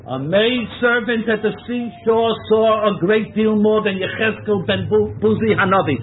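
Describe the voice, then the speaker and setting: A man with a fairly high voice leads a Torah class, stressing key words as he works through the text. The sound is narrow and tinny, like a phone line, with a faint hiss behind him. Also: moderate pace. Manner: translates verses phrase by phrase, emphatic. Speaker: Torah teacher. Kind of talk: text-study lecture. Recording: tinny phone-like lecture recording.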